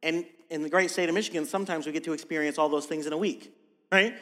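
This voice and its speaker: A man preaching a sermon as pastor, emphatic, asking rhetorical questions and slowing down to stress words. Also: a little high, fairly even intonation, fairly bright tone, in a large hall.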